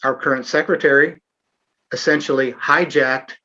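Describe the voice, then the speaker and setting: A man's voice: mid-range voice, steady tone, normal speed, pushed and bright, lo-fi sound. A middle-aged man hosting a live online Q&A, talking earnestly with sarcastic asides and frequent fillers. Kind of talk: casual livestream interview.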